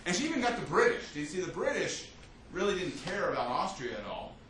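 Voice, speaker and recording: A man teaching a history class as a lecturer, telling the story with lively restarts and fillers. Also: sits high, fairly quick. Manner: animated storytelling with many restarts. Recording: echoey classroom from a distance, faint hiss.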